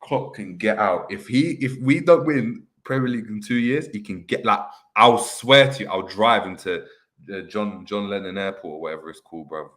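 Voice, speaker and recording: Young male host, low voice, banters and reads out viewer comments. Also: normal speed, fairly bright tone. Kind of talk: casual football chat. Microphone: webcam on video call.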